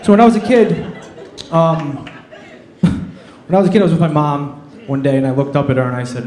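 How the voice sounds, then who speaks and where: A man's voice: fairly high pitch, expressive, normal speed, pauses often, crowd noise. Self-deprecating male stand-up comic. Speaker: stand-up comedian. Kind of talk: stand-up set. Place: comedy club stage. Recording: echoey club room.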